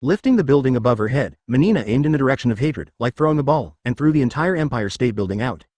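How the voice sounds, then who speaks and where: A man's voice: medium pitch, lively intonation, fast, a little mellow. A man reading a web novel aloud as narrator, dramatic with stiff translated phrasing.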